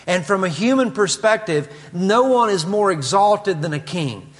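A man's voice: sits high, lively intonation, a little slow, long reverb tail. A man with a Kentucky accent preaching a conversational expository sermon, with asides and frequent fillers. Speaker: pastor.

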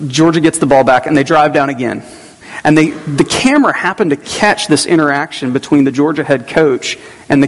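Man preaching in a reverberant hall. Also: mid-range voice. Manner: conversational preaching with personal asides. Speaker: pastor. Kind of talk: sermon.

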